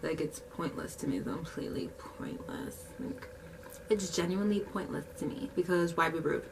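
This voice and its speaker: A young woman vlogger telling a casual story, animated, acting out the quotes and saying "like" a lot. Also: on the low side, moderate pace, recorded from a distance, background noise. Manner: animated storytelling, heavy use of "like", acts out quotes.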